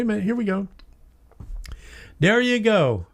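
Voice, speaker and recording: A middle-aged man with a high-pitched, very animated voice hosts a casual model train live stream. He's chatty and unhurried, pausing often, laughing frequently and reading viewer comments aloud.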